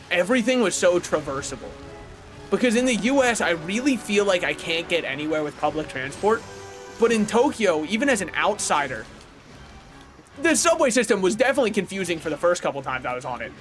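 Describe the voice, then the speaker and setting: A young American man chatting casually while streaming a game, rambling and correcting himself with sudden excited outbursts. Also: high voice, fairly quick, faint music behind. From United States. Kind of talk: casual gaming livestream chat.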